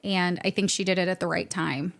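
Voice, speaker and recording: A woman's voice: lowish voice, steady tone, fairly quick, gravelly, fairly bright tone. A young adult woman from the St. Louis area, chatting upbeat in a podcast interview as a guest, with frequent laughs and fillers. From St. Louis area, USA. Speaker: guest, med spa co-owner.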